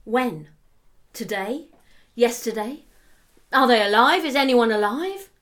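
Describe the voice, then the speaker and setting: A man's voice: extremely high pitch, animated, slow pace, fairly bright tone, full character voice. A woman voicing an old male lighthouse keeper who fires off urgent, anxious questions. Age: older.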